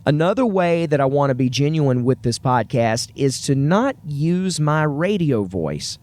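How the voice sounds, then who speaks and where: A man's voice: on the high side, big pitch swings, unhurried, a little mellow. A man with a Southern US accent hosts his own podcast, talking alone to listeners in an earnest, upbeat, chatty way. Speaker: podcast host. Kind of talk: solo podcast monologue.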